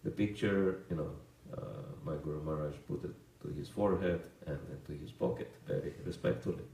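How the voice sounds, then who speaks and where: Deep-voiced man telling a story in a roomy hall. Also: fairly quick, creaky, far from the mic. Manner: relaxed anecdotal storytelling with fillers and chuckles. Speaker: monk giving a talk. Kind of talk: storytelling lecture.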